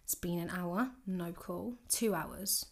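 A young woman telling a dating story and giving advice, acting out both sides of the conversations in a lively, candid way. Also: fairly low pitch, slow, gravelly. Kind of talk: casual storytelling monologue.

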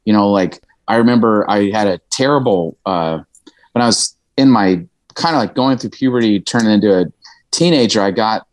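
A man's voice: lowish voice, animated, moderate pace, no echo. A man from Indiana, talking as a musician guest in a frank, emotional and sometimes profane way, with laughing asides. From Indiana, USA. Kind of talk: candid conversational storytelling.

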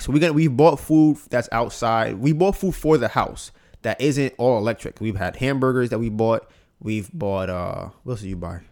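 A man's voice: mid-range voice, moderate pace, darkish tone. A young man hosting a podcast, telling a casual story in slangy talk and acting out both sides of it. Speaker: podcast host.

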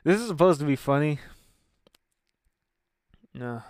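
Heated, rambling man with a high, clear voice. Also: animated, unhurried, dry recording, clean studio sound. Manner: heated, profane, rambling with many restarts. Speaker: amateur stand-up comedian. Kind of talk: casual rant to camera.

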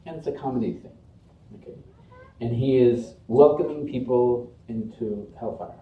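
A man's voice: mid-range voice, moderate pace. A man preaches a Friday sermon, earnest and rhythmic, stacking phrase on phrase with rising emphasis. His voice carries from a distance through a roomy, echoing prayer hall, a little muffled on the recording.

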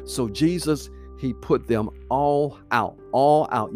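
Man preaching over soft guitar. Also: mid-range voice, slow. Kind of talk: sermon.

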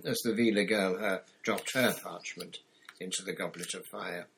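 A man reading a novel aloud in steady, measured scripted narration. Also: low voice, gravelly, slight background noise, rough recording. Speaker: audiobook reader.

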